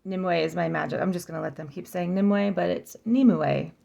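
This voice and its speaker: A woman chatting casually in a vlog as she flips through an oracle deck, sounding out names slowly and saying them again and again. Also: lowish voice, flat delivery, creaky, a little mellow. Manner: chatty, practicing name pronunciations slowly and repeatedly.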